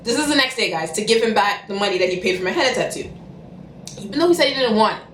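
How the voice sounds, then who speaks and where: Lively, bright-voiced woman. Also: mid-range voice, echoey room, slight background noise. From Canada. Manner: fast-talking and animated, bursting into loud cussing. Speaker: vlogger. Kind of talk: storytime vlog.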